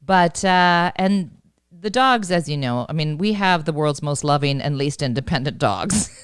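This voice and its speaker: A woman co-hosting a podcast, chatting casually and telling animated stories full of laughter. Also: sits low, measured pace, smooth, dry recording, clean studio sound. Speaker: podcast co-host. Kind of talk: casual chat.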